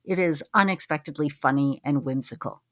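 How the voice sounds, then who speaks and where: A woman's voice: deep voice, a little fast. A middle-aged woman co-hosting a podcast, chatting casually and animatedly. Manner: animated, laughs, mimics voices in anecdotes. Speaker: podcast co-host. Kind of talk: casual chat.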